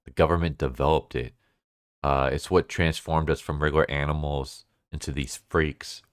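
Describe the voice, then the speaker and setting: A man voicing a rebellious male supersoldier deer who urges his friend to rebel, spoken in his own low, smooth voice as a comic recap. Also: fairly even intonation, moderate pace, no echo, studio quality. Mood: urgent.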